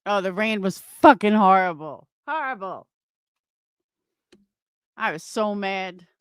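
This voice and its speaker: A woman's voice: mid-range voice, moderate pace, clean tone, dry recording, studio quality. A middle-aged woman chatting casually on a live stream from home, swearing freely and answering viewers by name. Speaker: livestreamer and craft seller.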